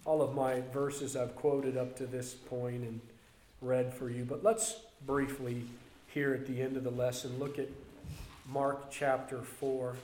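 Slow, emphatic preacher man in an echoey room. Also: mid-range voice, little pitch movement, a little hiss or hum. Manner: emphatic preaching with swings between loud and soft. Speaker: pastor. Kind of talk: sermon. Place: church. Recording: roomy echo.

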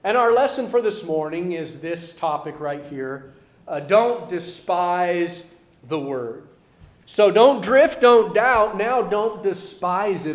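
A man preaching a Sunday lesson, earnest, moving between loud emphasis and quiet asides. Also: sits high, roomy sound. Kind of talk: sermon.

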